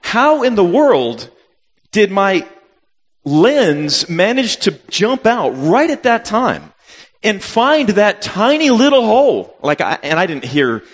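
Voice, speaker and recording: A man in his fifties, a missionary telling a funny personal story in a sermon, acting out his own reactions with sudden loud jumps. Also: sits high, big pitch swings, takes it slowly. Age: 50s. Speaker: missionary preacher. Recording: long reverb of a hall.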